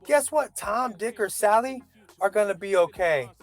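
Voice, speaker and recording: High-voiced man ranting profanely. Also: animated, normal speed. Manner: profane, rambling, self-doubting. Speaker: vlogger. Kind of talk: casual opinion rant.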